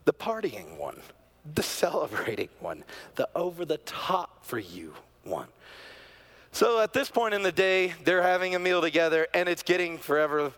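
A middle-aged man delivers a sermon in a voice pitched a little high. He tells a story in a lively way, sinking to near-whispers and then surging into loud, joyful bursts. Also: normal speed. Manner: animated storyteller, swings from hushed to near-shouting. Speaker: pastor.

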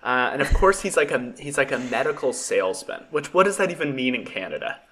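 A man's voice: mid-range voice, sing-song, fast talker, bright, forceful tone. Blunt, foul-mouthed man hosting a chat. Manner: blunt, profane, jokingly harsh opinions. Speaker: podcast host. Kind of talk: casual chat.

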